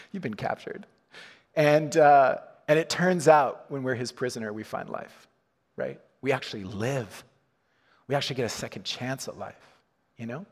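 A man's voice: mid-range voice, husky, big-room sound. A man preaching a sermon in a church, chatty and informal, with frequent restarts and chuckles. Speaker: pastor. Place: church hall.

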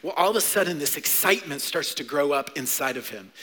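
Animated pastor in an echoey hall. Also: male voice, a little high, fast talker. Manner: animated, conversational, frequent "right?". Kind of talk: sermon to children and adults.

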